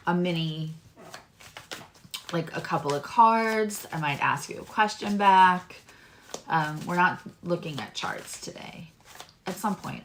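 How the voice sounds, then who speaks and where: A woman's voice: low voice, fairly bright tone, slight background noise. A woman hosting a live-stream tarot reading, chatting loosely with viewers and explaining cards. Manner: chatty and rambling, talks to chat viewers.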